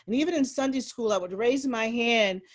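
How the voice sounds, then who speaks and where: A woman co-hosting a podcast, speaking in a thoughtful, measured, reflective way. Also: fairly high pitch. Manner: thoughtful, measured, with steady listening murmurs. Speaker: podcast co-host. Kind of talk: reflective casual chat.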